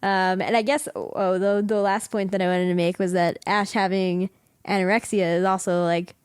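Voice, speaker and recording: A woman's voice: mid-range voice, little pitch movement, normal speed, clean tone, no room sound, studio quality. Laughing chatty woman podcast host. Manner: chatty, laughs often, acts out quoted lines. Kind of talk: casual podcast discussion.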